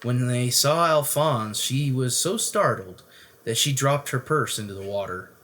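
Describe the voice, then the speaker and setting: A storyteller reading a bedtime picture book aloud with an expressive delivery. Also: medium pitch, measured pace.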